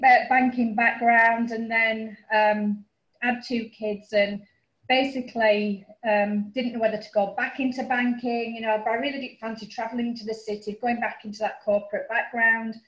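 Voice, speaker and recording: A middle-aged woman with a Yorkshire accent, a finance broker talking casually about her background, with frequent ums. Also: on the high side. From northern England. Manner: chatty, frequent um fillers, quick asides. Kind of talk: casual webinar presentation. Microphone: video call. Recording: roomy, dull lo-fi call audio.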